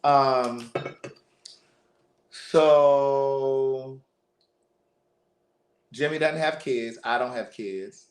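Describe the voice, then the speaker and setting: A man hosting a livestream, telling a family story in a casual, animated way, often repeating words. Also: medium pitch, extremely slow, pauses often. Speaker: livestream host. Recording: roomy echo.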